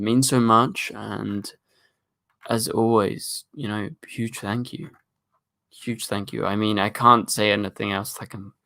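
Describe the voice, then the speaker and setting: A young man hosts a casual livestream. His voice sits low and has a gravelly, creaky edge. He rambles through viewer questions with frequent fillers. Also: a bit bright. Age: young adult. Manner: rambling, reads chat questions aloud, many fillers. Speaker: livestream host.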